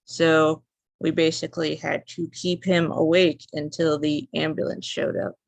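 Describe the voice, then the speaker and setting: A woman's voice: low voice, flat delivery, measured pace, vocal fry, no room sound. A young woman, a student, telling a personal story as a class speech in a rambling, casual way with many fillers. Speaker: student speaker.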